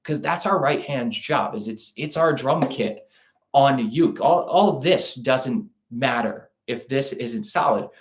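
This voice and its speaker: A man teaching a live online ukulele lesson in a relaxed, chatty way, scatting rhythms aloud as he demonstrates. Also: mid-range voice, unhurried, echoey room. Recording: ukulele playing loudly behind the voice. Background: ukulele playing.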